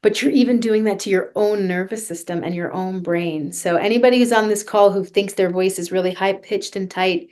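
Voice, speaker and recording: A woman's voice: medium pitch, steady tone, fairly quick, hardly any pauses, a little mellow. A woman vocal coach being interviewed on a podcast, talking earnestly and guiding listeners through a breathing exercise.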